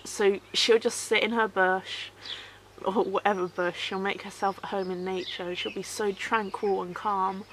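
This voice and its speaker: A woman talking softly to camera in a personal vlog, halting and sorrowful, often repeating herself to stay calm. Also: mid-range voice, slight background noise. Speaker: vlogger.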